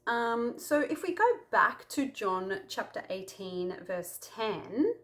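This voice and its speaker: A woman's voice: on the high side, animated, slow, fairly bright tone. A woman hosting a casual Christian talk to camera, telling personal stories in a chatty way with lots of fillers. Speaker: Christian video host.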